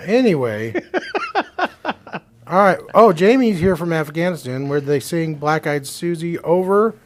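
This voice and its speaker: Guy reading chat on a live stream, bouncy pitch, dry jokes. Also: animated, a little slow. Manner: dry and playful, reads out viewer names. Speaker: co-host reading comments. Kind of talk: casual livestream chat.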